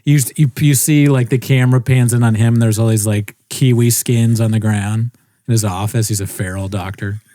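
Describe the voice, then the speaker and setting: A man's voice: mid-range voice, normal speed, no echo. Young man telling a rambling story, dry close mic. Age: young adult. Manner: rambling, animated, mimics others' voices. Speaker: podcast co-host. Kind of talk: casual storytelling chat.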